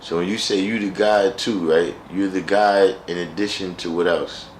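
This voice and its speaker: A man's voice: low voice, steady tone, normal speed, roomy sound, a little hiss or hum, low-quality recording. A man hosting a live stream, chatting casually with viewers in a wry, joking way and often repeating himself.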